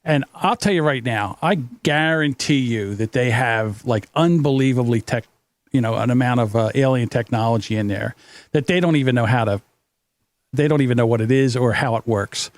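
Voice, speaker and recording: A man answering on a comedy podcast panel in a rambling, halting way. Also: mid-range voice, no room sound. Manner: rambling, halting, many fillers. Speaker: podcast competitor.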